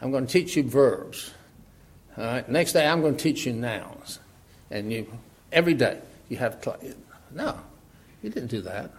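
A middle-aged man preaching in a relaxed, conversational way, laughing often and asking rhetorical questions. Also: mid-range voice, measured pace, long pauses, slightly rough. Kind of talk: sermon.

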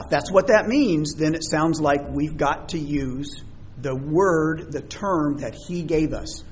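Man teaching from scripture, slightly high. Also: slight background noise. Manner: reads verses aloud with emphasis, asks rhetorical questions, hesitant fillers. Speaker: Bible teacher. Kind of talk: sermon-style Bible teaching.

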